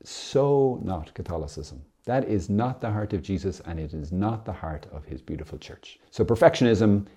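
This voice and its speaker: Man, casual video sermon, lowish pitch, very mellow dark tone, husky, animated and playful. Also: moderate pace, hardly any pauses. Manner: animated, swings from loud emphasis to soft murmurs; playful, laughing asides. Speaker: Catholic preacher.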